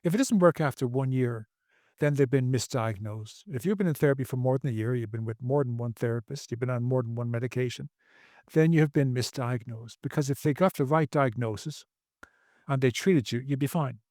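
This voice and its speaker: A man's voice: medium pitch, a little fast, dark tone, dry recording, studio quality. A man speaking as a podcast guest, earnest and preachy, repeating phrases for emphasis. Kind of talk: podcast interview.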